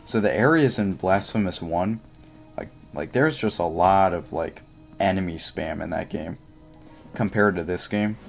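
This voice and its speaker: This young livestreamer rambles through his gameplay, thinking aloud and leaning on filler words. His voice is very low and gravelly with a measured pace, while faint game music plays quietly behind him.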